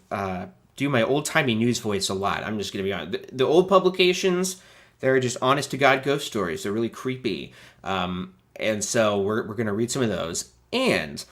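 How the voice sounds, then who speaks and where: A man's voice: on the low side, a bit bright. A man hosting a live stream, talking casually in a laid-back, rambling way with many fillers and restarts. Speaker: streamer host.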